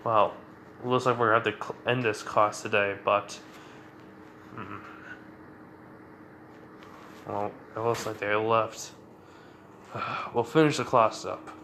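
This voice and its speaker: A man's voice: fairly low pitch, fairly even intonation, unhurried, long pauses, sharp tone, a little hiss or hum. A man voicing a cheerful adult hero teacher who hesitates mid-sentence. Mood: upbeat.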